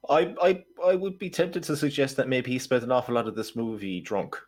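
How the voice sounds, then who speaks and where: A man's voice: mid-range voice, big pitch swings, brisk, darkish tone. A man co-hosting a podcast, giving wry, opinionated takes on a film. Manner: wry, opinionated, acts out quips. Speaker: podcast co-host. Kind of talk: casual film review chat.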